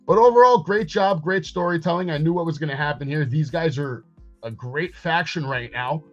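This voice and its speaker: A man's voice: a little high, normal speed, muffled recording, faint music behind. A man hosting a wrestling podcast, casually recapping events and paraphrasing what people said. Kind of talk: casual commentary over clips.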